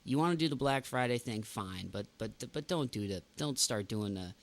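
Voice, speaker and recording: A man's voice: mid-range voice, lively intonation, normal speed. A man hosting a podcast in casual chat, ranting with emphatic outbursts. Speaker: podcast host.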